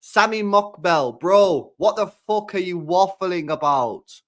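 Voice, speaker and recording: A man's voice: high-pitched, animated, slow pace, a bit bright. A young man chatting casually on a football stream, exasperated, swearing often and laughing.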